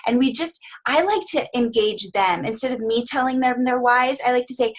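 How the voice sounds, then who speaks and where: A woman's voice: a little high, moderate pace, hardly any pauses. A woman giving an upbeat, encouraging training talk to coaches, now and then acting out what clients say.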